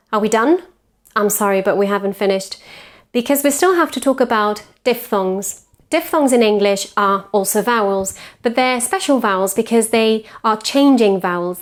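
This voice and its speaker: A woman whose first language is Spanish teaches English pronunciation, modelling each vowel slowly and repeating sounds to contrast them. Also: on the high side. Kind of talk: pronunciation lesson.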